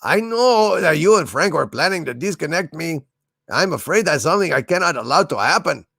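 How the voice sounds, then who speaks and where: Guy doing a chill chicano ship computer, slow mock-polite no's, dry close sound. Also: on the high side, lively intonation, creaky, a bit bright, husky, no room sound, full character voice. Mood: calmly refusing. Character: calm menacing male ship computer, laid-back Chicano drawl.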